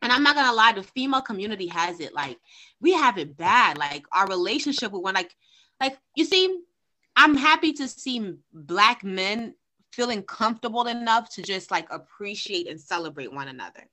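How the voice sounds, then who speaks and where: A woman's voice: medium pitch, big pitch swings, normal speed, bright, forceful tone. A woman guest on a podcast, chatting casually and animatedly, acting out quotes as she tells stories.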